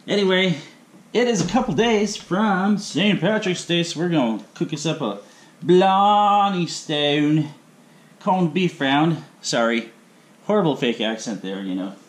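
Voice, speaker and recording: A man's voice: on the high side, expressive, normal speed. A man hosting his own cooking video in a home kitchen, talking in a rambling, chatty way full of asides. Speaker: cooking channel host. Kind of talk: casual cooking vlog. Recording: echoey kitchen with faint room noise.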